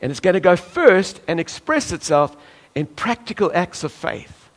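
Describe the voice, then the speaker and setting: A man's voice: sits high, very animated, moderate pace. A man from South Africa preaching a sermon emphatically, now and then acting out voices from the congregation. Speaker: pastor.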